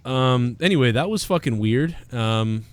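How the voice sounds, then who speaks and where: A man's voice: mid-range voice, animated, measured pace. An American man hosting a show, rambling and swearing in casual banter. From United States. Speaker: podcast host.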